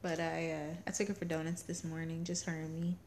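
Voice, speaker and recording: A woman's voice: low voice, monotone, a little fast, a little mellow, slight background noise. A young woman co-hosting a casual chat show, telling family stories in a chatty way and laughing often. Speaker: podcast co-host.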